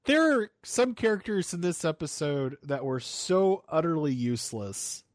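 A man's voice: fairly high pitch, sing-song, a little slow, dry recording, clean studio sound. A young man co-hosting a casual podcast chat, ranting animatedly with swearing and mock quotes. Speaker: podcast co-host.

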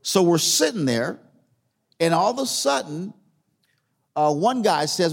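Pastor guy preaching, kinda high voice, big echoey hall, chatty and repeats stuff. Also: lively intonation, a little slow, gravelly. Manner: conversational storytelling, repeats phrases for emphasis. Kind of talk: sermon.

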